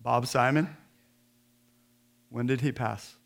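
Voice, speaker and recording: A middle-aged man preaching a sermon in church, swinging between joking folksy asides and loud, emphatic scripture reading. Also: medium pitch, fairly even intonation, slow, gravelly. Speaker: pastor.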